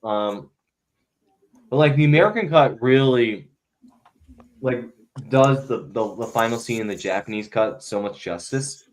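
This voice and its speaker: A man's voice: medium pitch, measured pace, long pauses. A man co-hosting a podcast in casual chat, earnestly retelling film scenes with many filler words. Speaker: podcast co-host.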